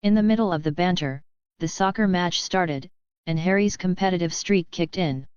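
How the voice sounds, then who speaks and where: A woman reading a fan novel aloud as an audiobook narrator, in an even, steady storytelling voice. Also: on the low side, moderate pace, smooth, dry recording, dull audio.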